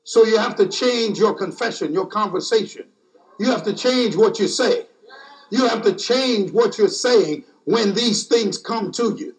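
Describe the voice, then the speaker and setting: A man preaching a sermon in a slow, repetitive cadence, stacking refrains line after line. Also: high voice. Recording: distant mic.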